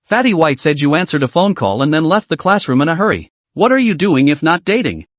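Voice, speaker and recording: A man's voice: fairly high pitch, sing-song, a little fast, no echo. A man voicing a proud, teasing young woman in a story recap, pushy and demanding.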